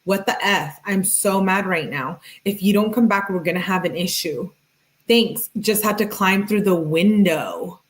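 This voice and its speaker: Unhurried and medium-pitched, this woman is a true crime streamer reading text messages aloud. She breaks in with sarcastic comments and thanks the viewers in her chat.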